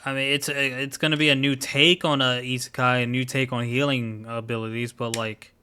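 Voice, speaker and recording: A man's voice: medium pitch, little pitch movement, fairly quick, sharp tone, a little hiss or hum. A man co-hosting a podcast, giving a rambling, hedging critique of an anime with lots of fillers. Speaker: podcast co-host. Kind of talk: casual anime discussion.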